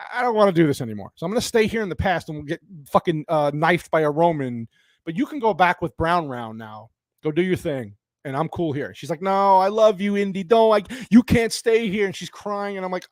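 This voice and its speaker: A man's voice: fairly high pitch, no echo, studio quality. A man giving a profane, exasperated movie review in a ranting style.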